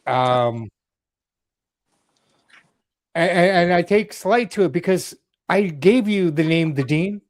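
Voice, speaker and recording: A man's voice: high-pitched, animated, takes it slowly, pauses often, no room sound, studio quality. A man from Canada chatting on a podcast roundtable in a laid-back way, calling everyone brother. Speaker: podcast co-host. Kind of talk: casual chat.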